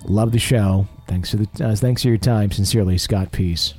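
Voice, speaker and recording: A middle-aged man with a lowish, slightly mellow voice hosts a paranormal podcast at a normal pace over soft background music. He chats casually and reads listener letters, using self-deprecating humor.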